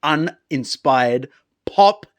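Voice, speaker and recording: A man giving a ranting music review to camera, sarcastic and exasperated, swearing and swinging from low muttering to loud outbursts. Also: animated, drawn-out words.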